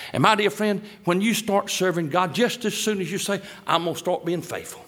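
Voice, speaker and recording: A man preaching a sermon, reading scripture slowly and then rising into loud, emphatic exhortation. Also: high-pitched. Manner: reads old scripture in a slow solemn cadence.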